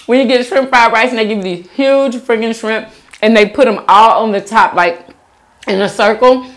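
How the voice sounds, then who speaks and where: A woman's voice: fairly high pitch, moderate pace. A woman vlogger chatting casually to viewers while eating takeout, addressing them as "y'all", with close mic eating sounds. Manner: chatty, animated, says "y'all" a lot, chewing sounds. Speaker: mukbang vlogger. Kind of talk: casual eat-with-me chat.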